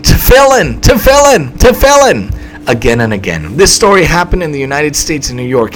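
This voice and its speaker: A man's voice: mid-range voice, slight background noise, poor audio. A man preaching a story-driven sermon, emphatic and repetitive, with dramatic swings in delivery.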